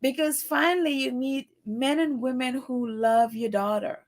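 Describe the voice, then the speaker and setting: This New York live-stream host reads viewer comments aloud while gushing, laughing and nearly crying. Her voice sits high, with fairly even intonation and a slightly slow pace.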